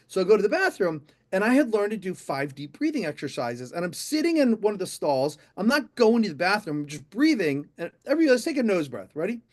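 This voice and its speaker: A middle-aged man, a motivational speaker, telling an animated story on stage and speaking straight to a live audience. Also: high voice, fast talker, few pauses. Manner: animated, addresses the audience directly.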